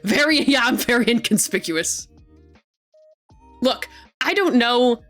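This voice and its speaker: A young woman chatting on a live stream in a slightly high voice. She gushes and gets excited, laughs a lot, and swears freely. She talks casually into a desk microphone. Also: takes it slowly, faint music behind.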